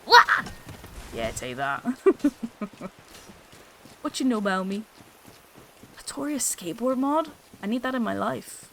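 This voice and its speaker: A woman's voice: fairly high pitch, sing-song, unhurried, creaky, pauses often, slight background noise. A woman chatting casually on a game stream on an old desktop mic, bubbly, laughing often and swearing freely. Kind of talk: casual gaming stream chat. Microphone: old desktop microphone.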